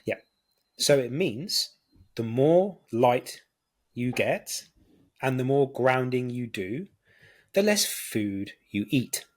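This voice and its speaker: A British man hosts a podcast, enthusiastically explaining his ideas in a casual chat full of fillers. His mid-range voice is expressive, and he speaks slowly with frequent pauses.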